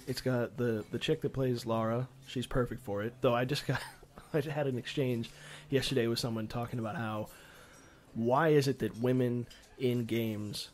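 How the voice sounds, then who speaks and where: A man co-hosting a casual gaming podcast, talking in a rambling, animated way with frequent restarts and casual swearing. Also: mid-range voice. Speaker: podcast co-host. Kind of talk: casual chat.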